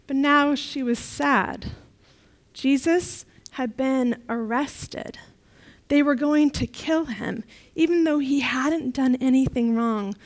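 High-voiced lady doing the kids' talk at church, slow and animated. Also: rough recording. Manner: animated, playful, leads the children in repeating refrains. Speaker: children's talk leader at church. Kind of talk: children's sermon storytelling. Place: church service.

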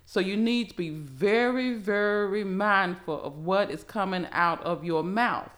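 A middle-aged woman, a pastor who speaks earnestly and deliberately while teaching scripture on a podcast. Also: mid-range voice, fairly bright tone.

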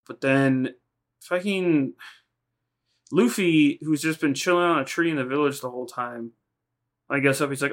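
A man's voice: mid-range voice, little pitch movement, normal speed, a bit bright. A man co-hosting a podcast, casually recapping anime episodes in a rambling, profane way, acting out lines in quoted voices. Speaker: podcast co-host.

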